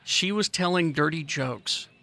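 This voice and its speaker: A man hosting a radio talk show, jokey and quick to laugh. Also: on the high side, creaky, pushed and bright, dry recording. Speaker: radio host.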